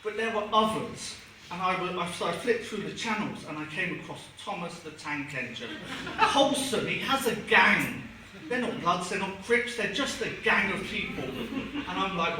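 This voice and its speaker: A young man doing stand-up with a dry, sardonic delivery and a fairly high voice. He sounds far from the mic, and the club's hard walls echo around him. Crowd noise hangs under his words. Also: normal speed. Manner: deadpan, sardonic storytelling with swearing. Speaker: stand-up comedian. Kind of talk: stand-up comedy set. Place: comedy club, live audience. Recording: echoey club recording from afar, audience noise.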